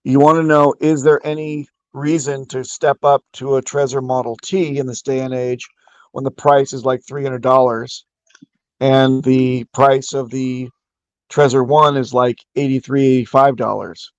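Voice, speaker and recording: A man's voice: medium pitch, flat delivery, unhurried, clear, resonant tone, no room sound. A man talking in a casual online voice chat, making his case at length and restarting his sentences as he goes. His voice is dry and close to the mic, with no room sound around it. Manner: opinionated, explains at length with restarts.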